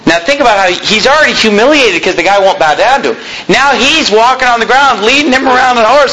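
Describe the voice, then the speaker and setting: A man's voice: very high-pitched, brisk, a little hiss or hum, rough recording. A male preacher retelling a story in a conversational sermon, with frequent asides. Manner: animated, conversational, many asides.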